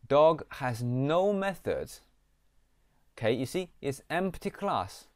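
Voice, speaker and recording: A man giving a screen-recorded programming lesson, reading code aloud and often pausing on "okay". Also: medium pitch, no echo. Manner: slow, repeats "okay", reads code aloud. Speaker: programming teacher. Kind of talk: screen-recorded coding tutorial.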